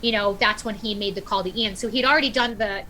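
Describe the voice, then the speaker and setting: A middle-aged woman on a podcast, telling a personal story in animated, casual chat and acting out what people said. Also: mid-range voice, fast talker, a crowd in the background, rough recording. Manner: animated storyteller, acts out quotes. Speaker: podcast guest.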